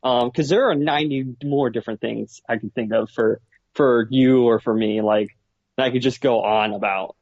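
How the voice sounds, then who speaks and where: A man's voice: mid-range voice, steady tone, normal speed, darkish tone, no room sound, muffled recording. A man co-hosting a casual podcast, easygoing and self-mocking, often trailing off mid-thought. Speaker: podcast co-host. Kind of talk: casual chat.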